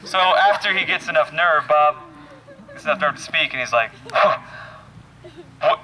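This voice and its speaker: A man telling a long joke in an animated, chuckling way, often restarting his sentences. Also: fairly high pitch, brisk. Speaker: joke teller. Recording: loud background noise.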